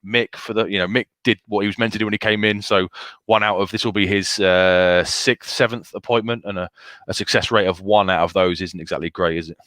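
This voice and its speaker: A man co-hosting a football podcast, giving quick, assured opinions in casual chat. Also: fairly low pitch, fairly even intonation, a bit bright, no echo. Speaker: podcast co-host.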